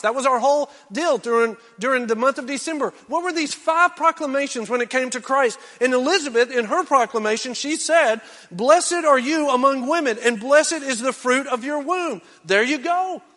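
A male pastor preaching a sermon, swinging from loud exhortation down to hushed, intense near-whispers. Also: very high voice, normal speed, hardly any pauses, in a large hall.

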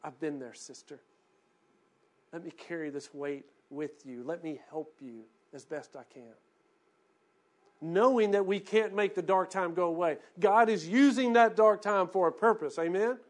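A pastor delivers a sermon in a fairly high voice. He drops into quiet, reflective passages and then builds to emphatic, rising calls to his congregation. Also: measured pace.

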